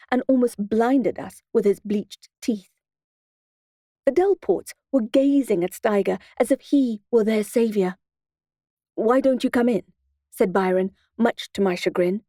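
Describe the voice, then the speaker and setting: A woman's voice: on the high side, dark tone, no echo. Wry woman narrating an audiobook. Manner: wry, dry storytelling. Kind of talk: first-person audiobook narration.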